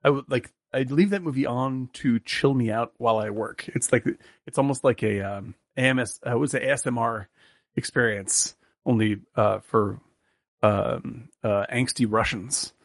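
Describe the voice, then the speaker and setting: A man's voice: mid-range voice, moderate pace, no room sound, studio quality. A man co-hosting a movie review podcast, talking casually with lots of fillers and jokes. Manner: rambling, jokey, many fillers. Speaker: podcast co-host.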